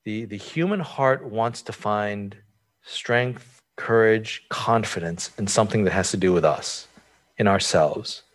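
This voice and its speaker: A man's voice: lowish voice, measured pace. Man preaching a conversational sermon. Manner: informal, asks rhetorical questions, frequent fillers.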